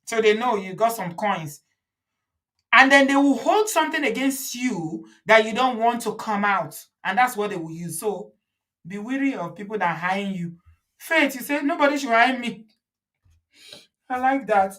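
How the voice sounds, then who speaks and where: A woman's voice: medium pitch, lively intonation, moderate pace, a bit bright. A woman with a Nigerian accent, hosting a casual live stream, reading viewer comments aloud and slipping into pidgin and Yoruba. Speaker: host.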